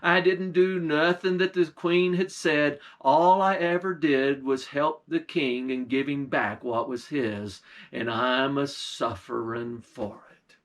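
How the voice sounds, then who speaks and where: A man's voice: a little high, fairly even intonation, slow. A man playing a pleading condemned young fellow. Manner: pleading, folksy grammar.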